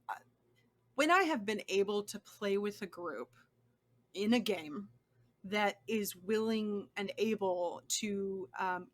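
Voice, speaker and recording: Young woman as an interview guest; bright, tense timbre, enthusiastic and full of restarts. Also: medium pitch. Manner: enthusiastic, laughs often, many restarts. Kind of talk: casual interview chat.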